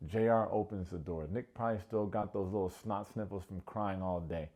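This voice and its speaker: A man hosting a comedic TV recap, sarcastic and quick to mock. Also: steady tone, darkish tone. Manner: sarcastic, acts out quotes in high mocking voices. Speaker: recap show host.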